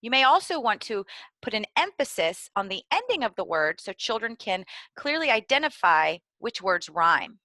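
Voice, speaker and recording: A woman giving clear, deliberately enunciated instructional narration for preschool teachers. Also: medium pitch, big pitch swings, bright, forceful tone, dry recording. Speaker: early literacy trainer.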